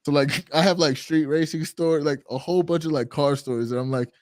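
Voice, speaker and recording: A man's voice: fairly high pitch, steady tone, a little fast, no room sound, studio quality. A man guesting on a live stream, telling stories in a loose, rambling way full of fillers. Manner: rambling, filler-heavy storytelling. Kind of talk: casual live-stream chat.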